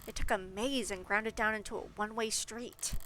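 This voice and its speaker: A woman's voice: medium pitch, steady tone, brisk, pushed and bright, slight background noise, lightly acted. A woman reading the inner monologue of a cautious young female investigator in a dry, wry tone. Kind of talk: game narration read aloud.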